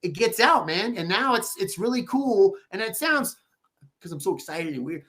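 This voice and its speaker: A man telling stories as a podcast guest, animated and swearing freely, quoting people in lively voices. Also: high voice, normal speed. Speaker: podcast guest, real estate agent. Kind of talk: casual podcast interview.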